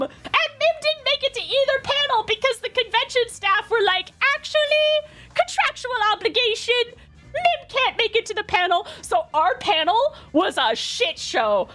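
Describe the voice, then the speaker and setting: Excitable high-voiced woman streamer, chaotic. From Canada. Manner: chaotic, excitable, swearing, breaks into laughter. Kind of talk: casual chat.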